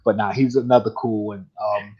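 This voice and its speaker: A man's voice: lowish voice, fairly even intonation, normal speed, slightly rough. A man hosting a live collectibles show, talking casually in a rambling, chatty way and laughing often. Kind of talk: casual live-stream chat. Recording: dull lo-fi stream audio.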